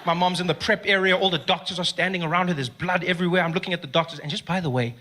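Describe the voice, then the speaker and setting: A man's voice: sits high, steady tone, rapid-fire, sharp tone, slight background noise. A man telling a story in stand-up style, animatedly switching into voices for other people. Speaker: stand-up comedian.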